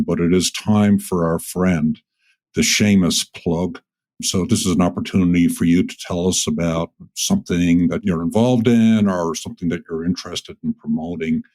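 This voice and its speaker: A man hosting a podcast, asking questions and thanking his guest in a measured, polite way. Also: sits low, a little mellow. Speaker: podcast host. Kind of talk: interview hosting.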